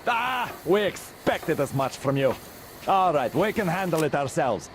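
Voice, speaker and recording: A sneering pirate envoy in a game cutscene, talking down to a council with open threats. His voice sits high for a man and swings widely as he mocks. Faint noise runs under it. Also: very animated, measured pace. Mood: mocking. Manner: taunting and threatening. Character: belligerent adult male pirate envoy. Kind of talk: video game cutscene acting.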